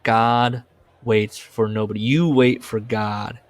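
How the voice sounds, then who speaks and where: A man's voice: medium pitch, flat delivery, slow pace. A man co-hosting a casual comedy podcast, reading book passages aloud with mock solemnity and laughing often.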